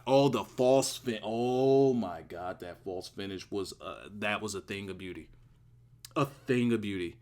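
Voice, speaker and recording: Male reviewer, mid-pitched, casual solo talk, excitable, rambling, hammers words through repetition. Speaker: wrestling show reviewer.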